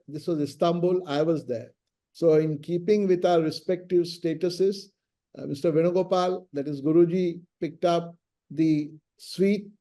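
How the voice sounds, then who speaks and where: A middle-aged man with an Indian English accent, a senior lawyer telling anecdotes about his mentor in an interview and acting out the dialogue. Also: fairly high pitch. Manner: lively raconteur acting out quoted dialogue.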